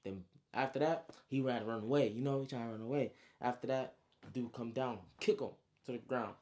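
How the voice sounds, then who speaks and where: A man casually recapping his own story, slangy and animated, with frequent asides. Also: mid-range voice, fairly quick.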